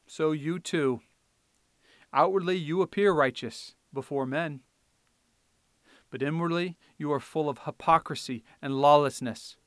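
A man preaching a sermon, swinging from quiet explanation to loud, fiery scripture reading. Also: on the high side, smooth, no echo, clean studio sound.

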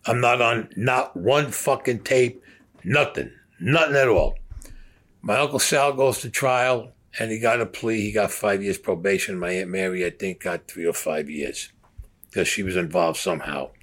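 A man's voice: on the low side, animated, moderate pace, a bit bright. A man recounting his past in heated, profane storytelling, acting out the voices of people he quotes.

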